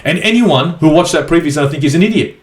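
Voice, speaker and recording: A man's voice: on the high side, expressive, quick pace, roomy sound. An Australian man ranting angrily as a football fan vlogger in a profane, exasperated match review. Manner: angry, sweary, exasperated.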